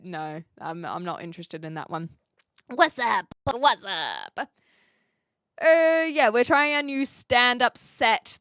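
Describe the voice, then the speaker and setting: A woman's voice: on the high side, fairly bright tone, clear, resonant tone, dry recording, clean studio sound. A woman from New Zealand chatting casually on a live stream, answering viewers in a playful, self-deprecating way.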